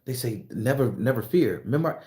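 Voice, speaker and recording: A man telling an animated, profane story as a monologue, acting out the voices of the people in it and jumping into high, excited tones. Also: a little fast, echoey room. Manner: acts out voices in his story, swings into high excited pitch. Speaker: commentator on social media channel.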